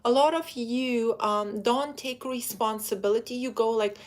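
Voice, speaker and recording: A woman giving dating advice in a live stream, talking straight to her female viewers in a chatty, direct way. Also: fairly high pitch. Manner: acts out quoted men in quick put-on voices. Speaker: dating coach.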